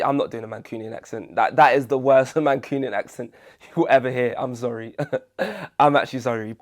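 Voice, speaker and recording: A man's voice: medium pitch, a little mellow. A man hosting a casual commentary video, jokey and self-deprecating, full of chatty asides. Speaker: video essay host.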